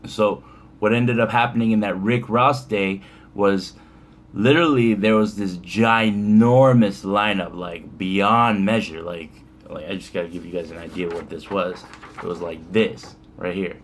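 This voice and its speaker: A man's voice: low-pitched, fairly even intonation, a little slow, slight background noise. Laid-back man telling a profane story. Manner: laid-back, profane, rambling with many fillers. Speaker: vlogger. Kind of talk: casual storytime.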